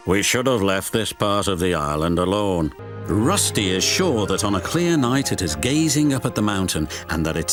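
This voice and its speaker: A middle-aged man narrating a children's storybook, doing all the character voices himself. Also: on the low side. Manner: warm storyteller, voicing every character. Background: music.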